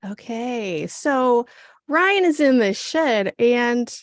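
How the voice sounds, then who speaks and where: A woman in her thirties co-hosting a podcast, chatty and quick to jump in while recapping a TV episode. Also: a little high, animated, dry recording, studio quality. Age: 30s. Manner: chatty, reactive, quick to interject. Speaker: podcast co-host. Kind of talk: casual episode recap chat.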